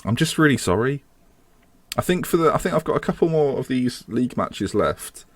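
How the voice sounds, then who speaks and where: A man's voice: mid-range voice, lively intonation, fairly quick, dry recording. A man giving casual commentary on his football management game, chatty and self-mocking, swearing when things go wrong. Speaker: gaming video host.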